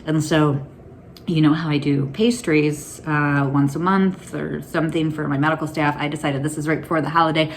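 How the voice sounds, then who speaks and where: Speaking at a normal pace in a deep, steady voice, a woman films a casual personal vlog on her phone, chatting in a loose, candid way and laughing as she recounts anxious stories. Faint background noise can be heard.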